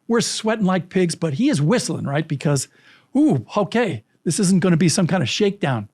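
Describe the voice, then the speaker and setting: A man in his sixties spins a childhood story for an interviewer, slipping in the voices of its characters. His voice sits a little above the usual pitch for a man, and his delivery is vivid and animated. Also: dry recording, studio quality. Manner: vivid anecdotes, acting out quoted voices. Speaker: guest, storytelling coach.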